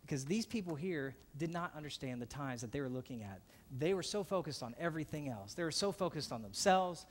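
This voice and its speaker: A man preaching a sermon as pastor, earnest and swinging between emphatic passages and hushed, softly spoken ones. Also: mid-range voice.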